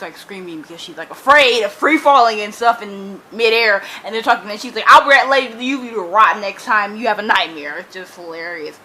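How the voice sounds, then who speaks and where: A young woman recapping a novel in an excited reading vlog, gushing and dramatic, breaking into screams and laughs between run-on summaries. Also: mid-range voice, slight background noise, rough recording. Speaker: book vlogger.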